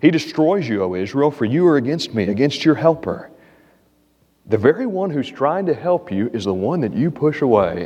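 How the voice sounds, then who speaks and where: A man's voice: big pitch swings, normal speed, warm tone, breathy edge. A man preaching a sermon as pastor, earnest, lifting his voice when he reads scripture aloud. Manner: earnest preaching, rises in pitch reading scripture. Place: church sanctuary. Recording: echoey hall, muffled sound.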